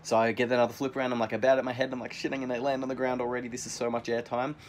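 Young man buzzing, swearing, fast-talking. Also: medium pitch, slight background noise. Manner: excitable, swears constantly, rambling retelling. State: buzzing on adrenaline. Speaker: vlogger, scooter rider. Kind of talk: casual vlog to camera.

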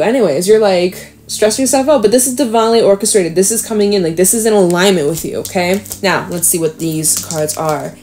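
Woman, tarot reader, casual to-camera reading, excited and encouraging, slangy. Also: mid-range voice. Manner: excited, emphatic, slangy and reassuring.

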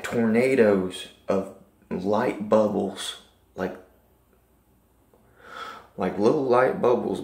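A man's voice: lowish voice, gravelly. Rambling, earnest man in an echoey room. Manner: rambling, earnest, full of likes and restarts. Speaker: person recounting a dream. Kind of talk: casual personal storytelling.

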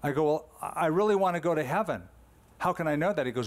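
A man's voice: fairly high pitch, expressive, quick pace. A man in his sixties, a pastor delivering a conversational, emphatic sermon full of rhetorical questions.

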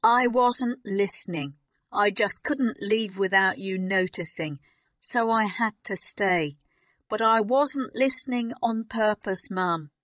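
A woman voicing a timid, tearful young kitchen maid who pleads and apologizes, in a slow storybook reading. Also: mid-range voice, fairly bright tone, no echo, clean studio sound.

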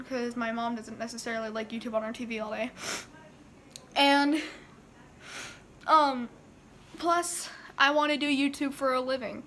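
A woman with a high, bright voice talks straight to her viewers while crying. She gushes thanks between teary laughs in a casual, heartfelt way. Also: a little hiss or hum. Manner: gushing, laughing through tears. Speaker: YouTuber. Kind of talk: tearful vlog to camera.

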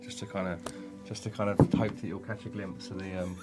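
Slow, deliberate male player. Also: sits low, flat delivery, loud music behind the voice. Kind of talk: in-character tabletop role-play.

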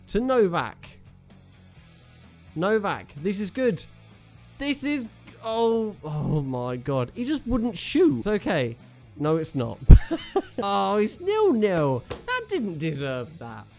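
A young man with a high, very animated voice commentates slowly on his own football video game, joking, groaning and cheering at each play. He's a gaming YouTuber doing casual live commentary, with soft music in the background.

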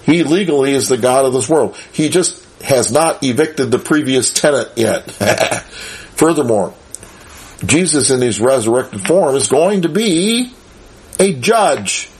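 A man's voice: mid-range voice, expressive, measured pace, breathy edge. A man giving a conversational Bible lesson, chuckling often and asking his listeners rhetorical questions. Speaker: Bible teacher.

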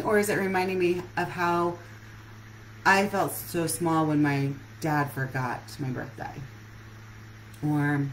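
A woman's voice: lowish voice, a little hiss or hum, poor audio. A woman relationship coach giving an earnest live-streamed talk that puts many questions straight to her listeners.

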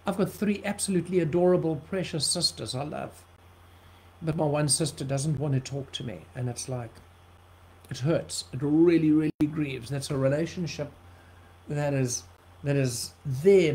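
A man's voice: fairly high pitch, a little mellow, low-quality recording. A man from South Africa preaching an earnest livestream sermon, often repeating words for emphasis.

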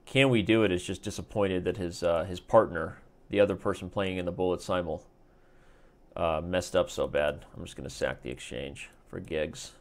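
Guy doing live chess commentary, goofy trash talk, kinda low voice. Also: steady tone, normal speed. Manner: joking, playful banter. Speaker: chess stream host and commentator.

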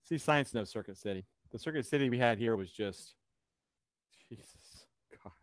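A man's voice: medium pitch, expressive, brisk, dry recording, clean studio sound. A man hosting a casual live chat, rambling and sarcastic. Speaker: host.

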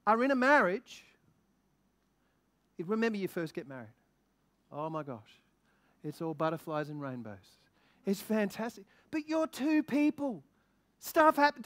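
A man preaching a sermon as a guest minister, excitable and lively, asking the congregation many questions. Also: very high-pitched. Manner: excitable, quickens when stirred.

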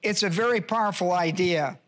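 Speaking a little fast, this man's high-sitting voice has a slightly bright quality. He's a pastor giving a Bible lesson, hammering home key phrases through repetition, spelling Greek terms letter by letter and talking straight to his audience in casual, simple grammar.

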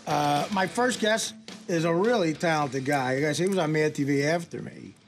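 A man's voice: a little high, soft background music. A man hosting a talk show in a studio, joking with his guest in casual chat. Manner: joking interviewer with quick asides. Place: radio studio.

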